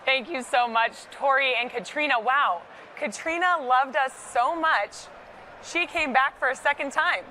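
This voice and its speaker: A woman's voice: high-pitched, a little slow, pushed and bright, a little hiss or hum, poor audio. A woman anchoring a live event broadcast from the studio, playful and bubbly in her banter.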